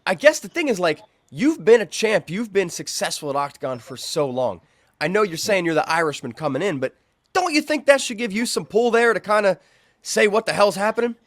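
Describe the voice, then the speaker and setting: A man's voice: sits high, big pitch swings, a little fast, a bit bright, no echo, clean studio sound. A man interviewing a fighter, with short, casual interjections and questions.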